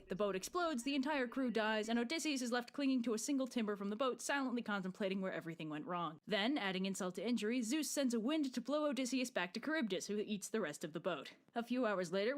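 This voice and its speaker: A woman giving a scripted comedic retelling with sarcastic, deadpan asides. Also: mid-range voice. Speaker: narrator.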